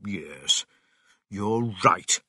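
A man voicing a cautious, doubtful male badger in a storybook reading, speaking slowly and hesitantly. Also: fairly low pitch, animated, bright, forceful tone, breathy edge, no room sound, studio quality, heavily acted. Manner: hesitant, slow.

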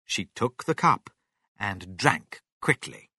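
A man reading a children's story aloud with slow, expressive narration. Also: medium pitch, no echo, studio quality.

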